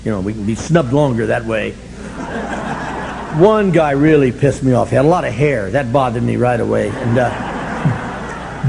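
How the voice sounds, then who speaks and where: An older man speaking at a recovery meeting, telling his story in an animated, self-mocking way and breaking into shouts for emphasis. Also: medium pitch, normal speed, vocal fry, pauses often, noisy background.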